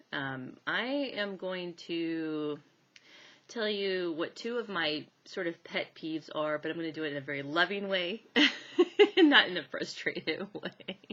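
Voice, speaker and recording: Woman hypnosis teacher, low voice with a bright, forceful edge, chatty and laughing often, slightly dull recording. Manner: chatty and animated, laughing often, many fillers. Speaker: hypnosis instructor. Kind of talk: casual teaching talk to camera.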